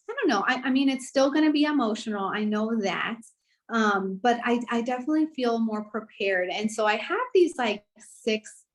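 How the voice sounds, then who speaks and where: Young woman, podcast guest, earnest, rambling, lots of fillers, higher pitch. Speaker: guest sharing her story. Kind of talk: casual podcast conversation.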